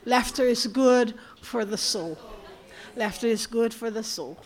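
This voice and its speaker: A woman's voice: a little high, a little slow. A woman preaching a sermon, calling out praise and telling family stories. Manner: exhorting, rising to loud praise calls; storytelling with family anecdotes.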